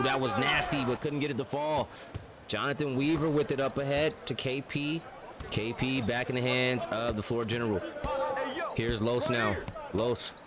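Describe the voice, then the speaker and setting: A man giving live, chatty play-by-play commentary on a basketball video game, getting excited and joking as he calls the action. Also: medium pitch. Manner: excitable, chatty, jokes and argues with the refs. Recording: loud game crowd noise behind.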